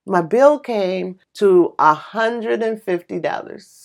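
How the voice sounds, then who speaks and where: A woman's voice: mid-range voice, takes it slowly, gravelly. A woman casually telling a personal story with emotion, exclaiming and acting out what people said. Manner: animated, exclaiming, acts out quoted voices; emotional, tearful retelling.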